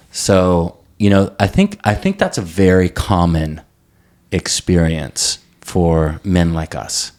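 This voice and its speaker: A man hosting a conversation, sharing his own story and reflecting in a measured, earnest way. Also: sits low, darkish tone. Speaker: host.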